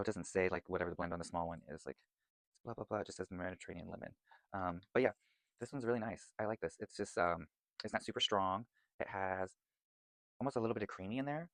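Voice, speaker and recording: Fast-talking man gushing over candles. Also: lowish voice, dry recording. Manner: chatty, rambling, gushing. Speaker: vlogger reviewing candles. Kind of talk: casual product chat.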